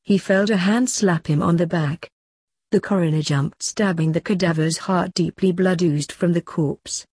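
A woman narrating a dark fantasy story in a plain, steady reading voice. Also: on the low side, moderate pace, husky, dry recording.

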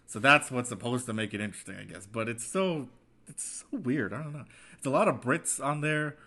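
A man's voice: medium pitch, brisk, sharp tone. A man in casual chat as a podcast co-host, rambling and chatty. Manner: rambling, chatty, does mocking quoted voices.

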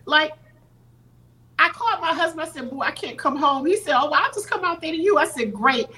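A woman's voice: sits high, lively intonation, fairly quick, pushed and bright, poor audio. Earnest woman telling a teary story. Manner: earnest, acts out quoted voices. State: teary-eyed. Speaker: podcast guest. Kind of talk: emotional storytelling.

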